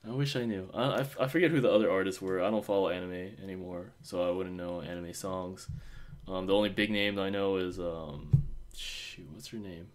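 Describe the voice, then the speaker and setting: A man's voice: deep voice, steady tone, brisk. A man co-hosting a casual fan podcast, rambling with many fillers and restarts. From Osaka. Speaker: podcast co-host.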